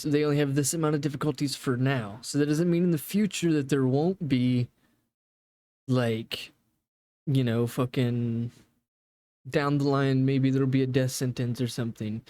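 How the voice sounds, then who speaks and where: Dude reacting to game dev stuff, loose rambly talk, mid voice, dead dry sound. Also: male voice, mid-range voice, steady tone, normal speed, a little mellow, dry recording. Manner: rambling, loose, swears casually. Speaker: gaming reaction host. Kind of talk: casual reaction commentary.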